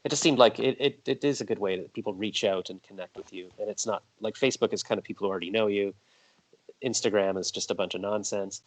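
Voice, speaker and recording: Male podcast host, casual interview chat, rambling storyteller, quick delivery, lowish voice.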